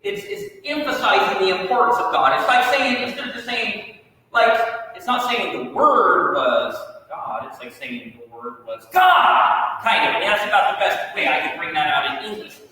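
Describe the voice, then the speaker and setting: A man gives a lively classroom lecture, explaining points with a self-joking manner. His voice sits high and clear. The recording captures him from a distance in a large hall with a long, echoing reverb. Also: moderate pace. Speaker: Bible class teacher. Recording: echoey hall from far off.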